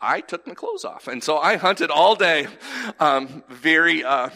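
A man's voice: a little high, a little slow, gravelly. A man, telling a personal story in a sermon and acting out the lines he quotes. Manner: animated, acts out quoted lines. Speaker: pastor.

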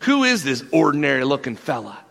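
A man plays an excitable fisherman apostle who talks like a laid-back dude, tripping over his words in his hurry to tell the next tale. His voice is bright and forward, with a gravelly fry at the ends of phrases. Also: mid-range voice, brisk, full character voice. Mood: excited storytelling. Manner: slangy, animated storyteller, stammering restarts. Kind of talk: first-person character monologue.

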